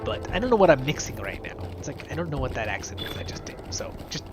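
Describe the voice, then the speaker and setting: A man's voice: a little high, big pitch swings, fast. A Scottish man hosting a casual let's-play, talking off the cuff and chattily over game music. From Scotland. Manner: chatty, off-the-cuff, self-deprecating. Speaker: host.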